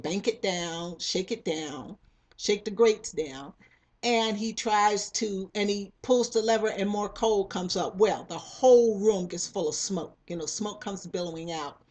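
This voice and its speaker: A woman casually retelling the plot of a novel, rambling with many fillers and restarts and briefly acting out the characters' lines. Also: medium pitch. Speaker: book club reader retelling a novel. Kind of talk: casual spoken story retelling.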